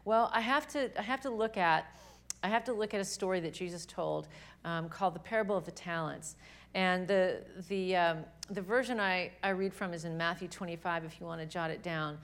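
A young adult woman giving an earnest, animated faith talk to a live audience at a women's gathering, often restarting her sentences. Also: lowish voice, fairly quick.

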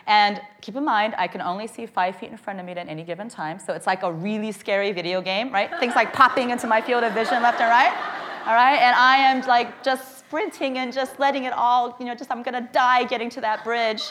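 A woman telling a funny personal story to a live audience, lively and self-mocking, checking in with "okay?" and "right?". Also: a little high, fast.

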